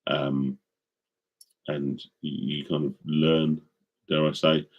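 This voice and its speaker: A man's voice: extremely low pitch, flat delivery, takes it slowly, lo-fi sound. A middle-aged man casually chatting with viewers on a live stream, rambling with many ums and restarts, into a studio microphone.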